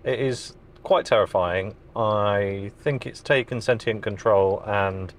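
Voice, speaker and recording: A man's voice: on the low side, slow, slight background noise. A man talks casually to his camera from inside a parked van. His delivery is chatty and jokey, with a self-deprecating edge, and the camera mic picks up the close sound of the vehicle. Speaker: food and travel vlogger.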